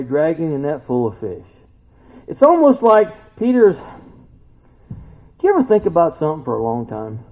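A man teaching the Bible in a relaxed, conversational way, folksy and animated, often turning to ask his listeners questions. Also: a little high, gravelly. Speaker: preacher. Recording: tinny phone-like sound.

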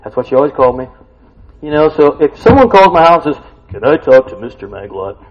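Folksy man preaching, husky voice. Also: fast talker. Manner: folksy, asks the listeners questions; swells loud and high when excited. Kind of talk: conversational sermon. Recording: dull lo-fi recording.

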